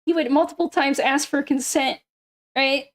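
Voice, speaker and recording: A woman's voice: high-pitched, fairly even intonation, moderate pace. A young woman streamer casually telling a gossip story, swearing and laughing as she goes. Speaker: streamer host. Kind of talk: casual chat.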